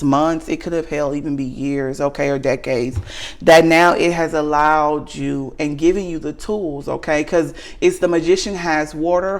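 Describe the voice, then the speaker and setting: With a light Southern US accent and a deep voice, a woman works through a tarot spread in a loose, unscripted way, speaking frankly and earnestly to the viewer. After nearly every thought she checks in with a rising, questioning "okay?"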